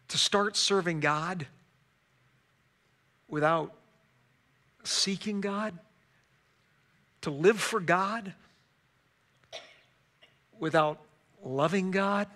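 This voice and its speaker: A male pastor preaching a sermon dramatically, swinging from loud emphasis to hushed, quiet stretches. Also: high voice.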